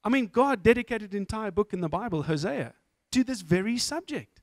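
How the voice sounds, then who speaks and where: A man's voice: high voice, lively intonation, fairly quick, no echo, clean studio sound. A middle-aged man from South Africa with a South African accent, giving a candid, self-mocking testimony talk as a guest speaker.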